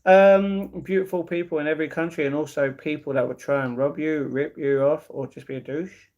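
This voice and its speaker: A man's voice: on the high side, steady tone, brisk, a little mellow. Man chatting on a livestream. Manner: reads viewer comments aloud and answers them with easygoing replies. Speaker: livestream host. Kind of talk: casual livestream chat.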